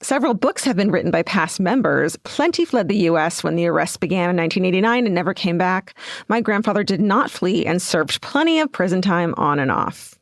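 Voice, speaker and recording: A woman's voice: on the low side, lively intonation, a little fast, no echo, clean studio sound. A woman co-hosting a podcast, chatting casually and reading a listener's letter aloud with amusement. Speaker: podcast co-host.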